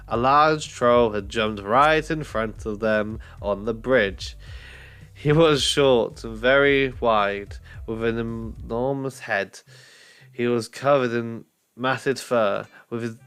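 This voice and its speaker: A man's voice: mid-range voice, a bit bright, smooth. A man reading a children's novel aloud in a casual way, often stumbling and correcting himself. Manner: stumbling, self-correcting, swears aside. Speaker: reader.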